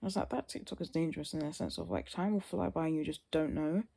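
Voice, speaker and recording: A woman's voice: deep voice, very animated, fast talker, creaky, dark tone, breathy edge. A young woman vlogging casually to camera, sleepy and yawning, rambling and trailing off into tired mutters.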